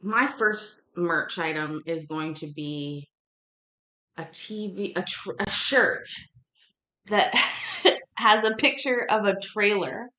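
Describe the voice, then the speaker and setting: A woman's voice: medium pitch, takes it slowly, bright, forceful tone, reverberant. A woman hosting with joking asides who sometimes breaks into off-tune singing. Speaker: host judging the case. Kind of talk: comic asides.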